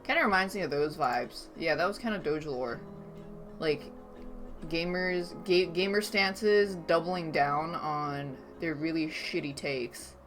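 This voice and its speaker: Lowish sarcastic woman streamer. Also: a little slow. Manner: reads chat aloud and reacts with dry sarcasm. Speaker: livestreamer chatting with viewers. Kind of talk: casual stream chat. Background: faint background music.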